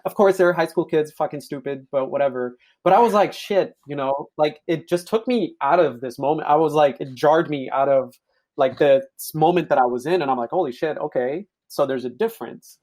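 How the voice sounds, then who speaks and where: A man's voice: on the high side, moderate pace. A young man from Africa, a podcast guest, chatting casually and telling stories while acting out quoted voices. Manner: animated storyteller, acts out quoted voices. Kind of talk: casual chat.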